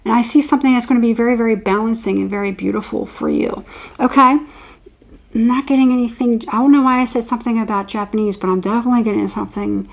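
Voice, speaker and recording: Gravelly-voiced woman giving a rambling horoscope reading. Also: on the high side, fairly even intonation, fast. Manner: rambling, repeats words while channeling. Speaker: tarot reader.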